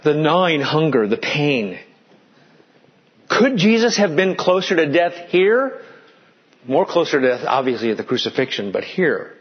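Husky-voiced man preaching a sermon. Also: fairly high pitch, big pitch swings, a little slow, highs cut off. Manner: dramatic preaching, voicing the tempter in hushed tones. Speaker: pastor.

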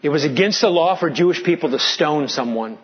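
Speaking briskly in a fairly high voice, a male pastor delivers an animated sermon that swings from loud to hushed, sometimes putting questions to the congregation. The audio is dull.

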